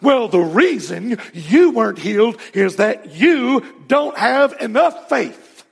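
A man's voice: extremely high pitch, big pitch swings, slow pace, gravelly, breathy edge, long reverb tail, pitched above the performer's own voice, full character voice. A man putting on a Southern accent to play a faith-healer preacher who blames the sick for lacking faith. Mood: blaming. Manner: blaming, insistent.

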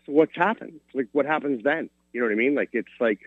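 A man's voice: medium pitch, quick pace, husky, dry recording. A man from Ontario phones in to a talk radio show, sounding frustrated and rambling. His voice comes through a thin, tinny phone line. The sound is dry, with no room around it. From Ontario, Canada. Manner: rambling, frustrated, many "like" fillers. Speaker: caller. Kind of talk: phone-in conversation. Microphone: telephone.

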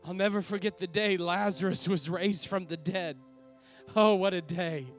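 In a dramatic first-person monologue, a man voices an awestruck older apostle, an earnest former fisherman, speaking with reverent, emotional wonder. His high-pitched voice moves at a moderate pace over soft background music, lingering on sighed exclamations.

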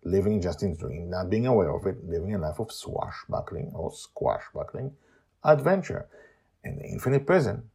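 Deep, husky male storyteller. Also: normal speed. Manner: animated, casual asides. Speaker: author and narrator. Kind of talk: storytelling narration.

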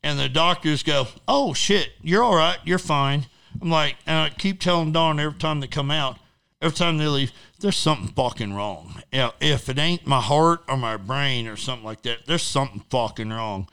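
Blunt, profane middle-aged man with a crisp, bright voice. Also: fairly high pitch, moderate pace. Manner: blunt and profane, rambling with fillers. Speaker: interview guest. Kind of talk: casual storytelling.

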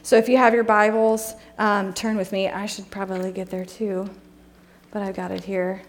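A woman's voice: mid-range voice, flat delivery, moderate pace. A young woman delivers a sermon in a loose, conversational storytelling style. She drifts through personal anecdotes with plenty of "um"s and restarts before easing into scripture. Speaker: preacher.

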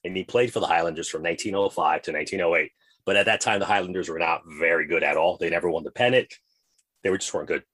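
A man with a deep, husky voice co-hosts a casual podcast. He rambles happily from one tangent to the next, playful and chatty. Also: fast talker, a bit bright. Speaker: podcast co-host.

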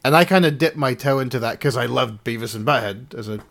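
A man's voice: mid-range voice, fast, vocal fry, fairly bright tone. A man co-hosting a casual chat podcast, talking in loose, rambling sentences full of fillers and restarts. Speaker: podcast co-host.

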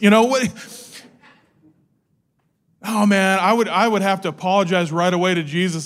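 A man's voice: high-pitched, fairly even intonation, moderate pace, pauses often, a bit bright. A middle-aged man preaching a sermon, telling the story with energy and acting out the quotes. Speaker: pastor.

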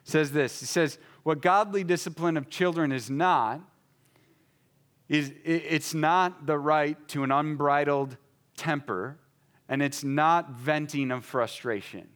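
A man's voice: fairly high pitch, slow, fairly bright tone. A pastor telling a story about his son in a conversational sermon, acting out the dialogue between them.

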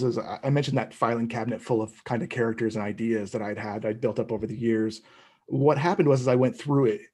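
A man's voice: mid-range voice, mellow, husky. A middle-aged man, a comic book creator, answering interview questions in a loose, rambling way with many restarts. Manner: rambling, hesitant, full of restarts. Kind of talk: casual interview talk.

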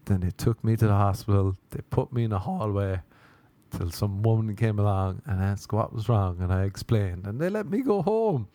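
A man's voice: fairly low pitch, fairly even intonation, normal speed, mellow, no echo. A young man telling a casual anecdote, rambling and swearing, often breaking into laughter. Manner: laughing, profane, rambling storyteller.

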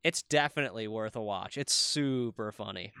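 A man co-hosting a podcast, chatting casually with animated, teasing remarks and casual swearing. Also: fairly low pitch, moderate pace, gravelly, clean tone, dry recording, clean studio sound. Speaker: podcast co-host. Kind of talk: casual chat.

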